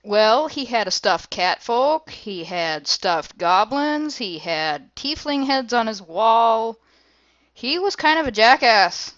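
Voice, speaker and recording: A woman playing a tabletop game, deadpan in her answers and quick to laugh. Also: fairly high pitch, lo-fi sound. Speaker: player. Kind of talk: casual tabletop play.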